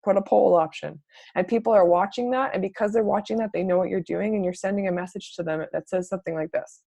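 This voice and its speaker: A young adult woman giving a casual, upbeat coaching talk, chatty and full of "like", acting out sample messages in a brighter voice. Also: on the low side, fast, gravelly, no room sound. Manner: peppered with "like" and mild swearing. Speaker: network marketing coach. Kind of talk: casual live training talk.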